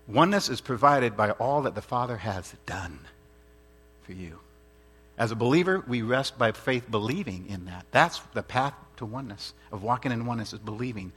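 A man's voice: mid-range voice, expressive, normal speed, a bit bright, slightly rough. A man preaching a sermon in an earnest, emphatic way, repeating his points and asking rhetorical questions.

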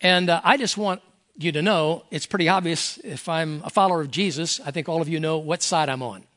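A man's voice: fairly high pitch, a little fast, a bit bright. An older man, a pastor emeritus, preaching a folksy, earnest sermon and reading scripture aloud.

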